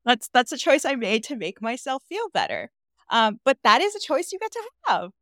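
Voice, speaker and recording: A woman's voice: sits high, sing-song, normal speed, bright, forceful tone, no room sound, clean studio sound. A woman guest in a casual interview, playful and emphatic, laughing easily as she talks.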